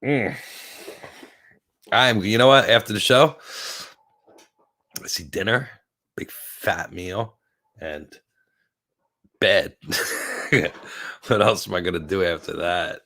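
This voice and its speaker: Fifty-something male host, lowish voice, chatting loosely on a porch, stoned and drifting. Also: sharp tone. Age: 50s. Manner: rambling, giggly, stoned and slowing down. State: very high on cannabis. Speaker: livestream host. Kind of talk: casual live-stream chat. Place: outdoor porch.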